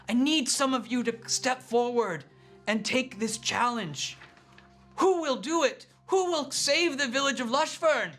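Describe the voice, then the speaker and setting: A man's voice: very high-pitched, bright, forceful tone, pitched above the performer's own voice, heavily acted. A man voicing an earnest village leader who rallies the townsfolk with a pleading, rousing speech.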